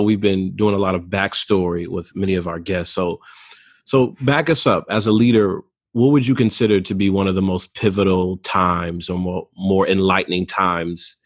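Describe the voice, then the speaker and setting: A man hosting a podcast interview, asking his guest earnest, probing questions with friendly asides. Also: sits low. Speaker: podcast host. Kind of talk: interview conversation.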